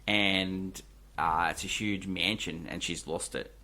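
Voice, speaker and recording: A deep-voiced man talks through a film's plot in a casual, rambling way. He restarts sentences and leans on fillers as he chats with his co-host. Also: fairly even intonation, slow, bright, forceful tone. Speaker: podcast co-host. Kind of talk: casual film discussion.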